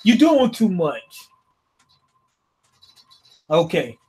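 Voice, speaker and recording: High-voiced man giving a slangy review. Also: big pitch swings, drawn-out words. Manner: slangy, laughing, thinks out loud. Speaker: manga reviewer. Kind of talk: casual reaction review.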